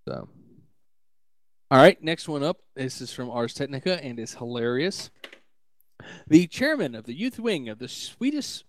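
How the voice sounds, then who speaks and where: A man's voice: medium pitch, big pitch swings, a little slow, pauses often. A man co-hosting a casual tech news podcast, reading articles aloud with stumbles and laughter.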